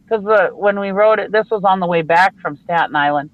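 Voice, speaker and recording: Talking fast in a medium-pitched voice, a live show regular from Minnesota trades blunt stories on an online video call, laughing often in casual chat. The sound is lo-fi with no room sound.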